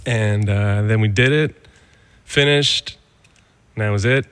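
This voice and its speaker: A man, a songwriter and producer, guesting on a podcast and telling stories in a casual, animated way, acting out what people said. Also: on the low side, slow pace, clean tone. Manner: animated, acts out quoted dialogue. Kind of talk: casual storytelling interview. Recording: long reverberant room sound.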